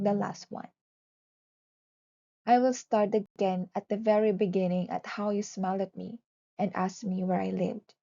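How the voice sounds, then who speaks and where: A woman teacher with a mellow, darker voice speaks with earnest feeling and leans into her repeated lines. The sound is dull and lo-fi. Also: medium pitch, gravelly. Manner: earnest, with dramatic repeated refrains. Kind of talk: poetry recitation and classroom lesson.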